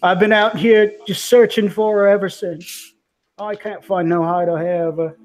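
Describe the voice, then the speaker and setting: A man's voice: high voice, steady tone, normal speed, pitched above the performer's own voice, lightly acted. A desperate, grieving middle-aged father, put on by a man in a tabletop game. He pleads in a raised, strained voice that sits well above his usual tone and breaks with anguish.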